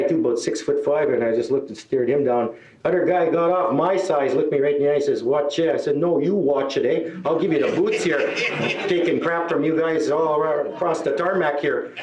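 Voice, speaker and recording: A man doing a live stand-up set, telling rambling deadpan stories and chuckling at his own jokes. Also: mid-range voice, dull audio. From Northern Ontario. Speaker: stand-up comedian. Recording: roomy hall, mic at a distance.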